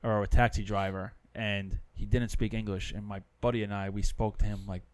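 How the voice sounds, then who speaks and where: A man's voice: on the low side, level tone, brisk, smooth. A man who is a guest on a podcast, chatting casually in a blunt, profane way. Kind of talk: casual chat.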